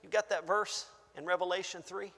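The pastor's voice is very high and bright, with vocal fry, a steady tone and a brisk pace. He preaches a sermon in a church with long hall reverb, rising to fervent shouted peaks, dropping to hushed asides, and calling out to the congregation.

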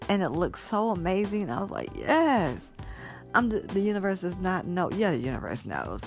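A woman with a notably low, deep voice talks straight to her viewers in an effusive, rambling way. She sounds teary with joy as she pours out her thanks, and faint music plays underneath. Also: very animated, normal speed, a little mellow. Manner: effusive, grateful, rambling storytelling. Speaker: vlogger. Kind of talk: casual vlog monologue.

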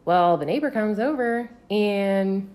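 A woman's voice: medium pitch, slow, a little mellow. A young woman from Texas telling a story in casual, profane chat and acting out the voices in quotes.

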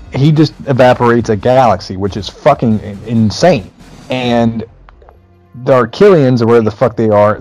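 A man's voice: medium pitch, darkish tone, lo-fi sound. A man in a casual movie chat who swears and laughs while making his points.

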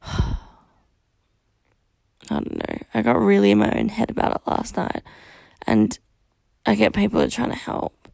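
A woman's voice: medium pitch, wildly swooping pitch, measured pace, creaky, long pauses, darkish tone, dry recording. A young woman hosting a solo podcast, talking candidly and rawly about her feelings, venting and swearing often. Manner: raw, venting, frequent swearing. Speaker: podcast host.

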